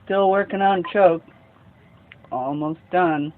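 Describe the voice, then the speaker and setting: High-voiced man reading a novel aloud. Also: slow, a little hiss or hum. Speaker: storyteller host. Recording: tinny phone-like sound.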